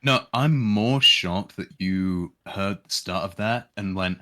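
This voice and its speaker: A man's voice: sits low, slow, few pauses, pushed and bright. A man chatting casually and teasing his friends with a sarcastic edge while they read a game together.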